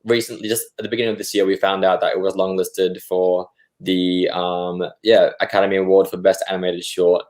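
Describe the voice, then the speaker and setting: A young man from Australia speaks in a very low voice. He answers modestly and haltingly, with frequent fillers, as a guest on a video call. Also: flat delivery, a little mellow. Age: young adult. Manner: modest, hesitant, many fillers. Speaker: filmmaker guest. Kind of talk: casual interview answers.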